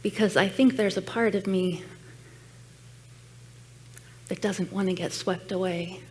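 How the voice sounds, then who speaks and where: A woman's voice: medium pitch, steady tone, a little slow, a little hiss or hum. Earnest woman preaching in church. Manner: reflective, earnest storytelling. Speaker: guest speaker at church. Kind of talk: personal sermon message. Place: church sanctuary.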